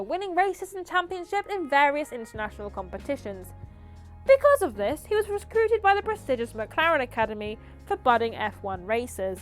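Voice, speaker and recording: High, lively woman streamer. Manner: wry, dry asides while reading. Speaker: livestream host. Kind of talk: reading viewer slideshows aloud on a livestream.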